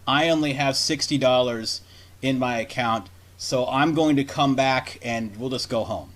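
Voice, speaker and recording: A man's voice: mid-range voice, measured pace, fairly bright tone. A man co-hosting a casual chat, telling a rambling story full of swearing and acted-out quotes. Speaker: podcast co-host.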